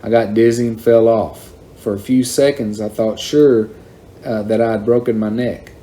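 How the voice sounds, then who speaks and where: A man reading a children's novel aloud in a plain, unhurried storytelling manner. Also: on the low side, steady tone, mellow. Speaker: reader.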